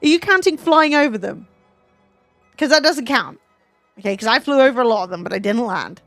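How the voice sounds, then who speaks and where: Her voice is a little high, animated, brisk, and a bit bright as the British woman streamer chats casually with her guest. She teases, sounds incredulous, and curses freely, recorded on a dry close mic with no room sound and faint music behind.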